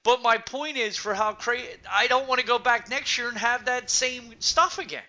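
High bright guy stuttering through podcast chat, muffled lo-fi audio. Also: normal speed. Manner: stuttering, emphatic. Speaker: podcast co-host. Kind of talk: casual chat.

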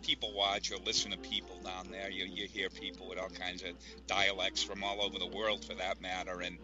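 A man with a Boston accent chatting on a podcast, telling stories in a measured way. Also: sits low, flat delivery, music in the background. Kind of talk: casual chat. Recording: slightly dull lo-fi audio.

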